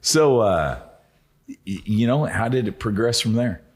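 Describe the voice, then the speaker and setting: A man hosting a podcast interview in a relaxed way, laughing often. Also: on the low side, a little slow. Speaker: podcast host. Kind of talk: casual interview chat.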